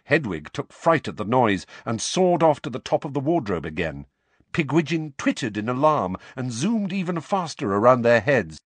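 A male narrator reads a storybook aloud with expressive delivery. His pitch moves a lot, and the voice sounds dry and close to the mic. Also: normal speed, no echo. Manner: expressive reading. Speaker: audiobook narrator.

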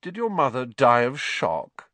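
A man's voice: mid-range voice, huge pitch swings, a little slow, fairly bright tone, no echo, voice pushed up. A man voicing an arrogant teenage boy who taunts others in a lazy, mocking drawl, in a storybook reading. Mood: sneering.

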